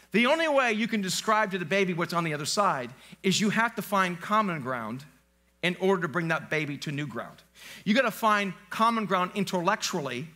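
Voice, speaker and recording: Man, pastor, high voice, live church sermon, casual and joking, asks the congregation questions. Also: bright, forceful tone. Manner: conversational, joking, quizzes the congregation. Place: church sanctuary, live service.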